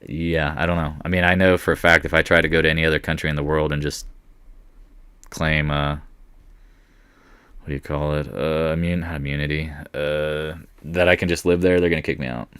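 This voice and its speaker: A man hosting a live market commentary stream, chatting with viewers in a rambling way and breaking into excited outbursts when prices move. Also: extremely low pitch, brisk, clear, resonant tone, dry recording. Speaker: market commentary livestream host.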